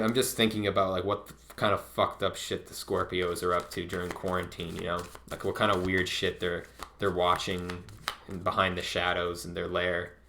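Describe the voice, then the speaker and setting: A man with a low voice reads tarot cards in a relaxed, rambling way. His tone is bright and forceful, and he swears freely and says "like" often. It sounds like a casual reading aimed straight at the viewer. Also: slight background noise. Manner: laid-back and profane, heavy use of "like". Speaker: tarot reader.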